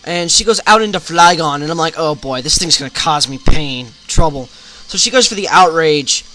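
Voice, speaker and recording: A man's voice: a little high, animated, moderate pace, pushed and bright, soft background music. A man hosting a gaming channel, casually retelling a game battle move by move in a chatty play-by-play.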